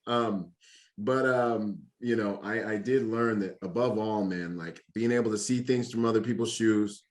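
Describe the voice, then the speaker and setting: A man from the Bahamas who hosts a podcast, talking in an animated, joking way in casual conversation. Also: on the low side, measured pace. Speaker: podcast host.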